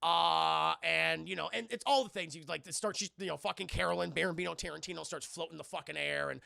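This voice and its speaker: Streamer guy, super gravelly fry, bright kinda tense voice, swears constantly, rambles to chat. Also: on the high side, brisk, dry recording, studio quality. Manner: profane, rambling, talks to chat. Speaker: streamer reviewing a film. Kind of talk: casual live-stream chat.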